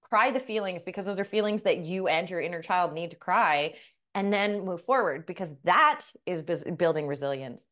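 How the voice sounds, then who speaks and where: A woman co-hosting a podcast, talking earnestly and telling stories that quote the people in them. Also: on the low side. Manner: earnest, storytelling, quotes others in dialogue. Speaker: podcast co-host. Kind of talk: reflective podcast conversation.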